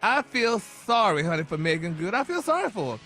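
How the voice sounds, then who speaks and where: A man's voice: high voice, very animated, fairly quick, bright, forceful tone, soft background music. A man delivering celebrity gossip on morning radio, sassy and calling everyone honey and y'all.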